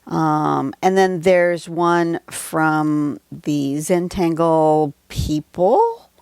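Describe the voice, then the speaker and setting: A woman's voice: low-pitched, extremely slow, gravelly, darkish tone, clear, resonant tone, dry recording, clean studio sound. A woman hosting a casual livestream drawing lesson, chatty and rambling with many asides, recorded on a phone at home. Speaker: drawing tutorial host.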